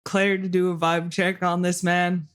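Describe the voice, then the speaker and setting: A player chatting casually at a tabletop game, playful and quick to laugh. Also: mid-range voice, little pitch movement, smooth. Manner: giggly, playful.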